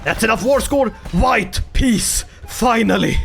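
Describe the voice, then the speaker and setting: A man giving theatrical gameplay commentary, shouting battle cries as his ruler and then dropping to gloomy mutters. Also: high-pitched, moderate pace, faint music behind. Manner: swings from gloomy mutters to excited yelling. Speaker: strategy game streamer.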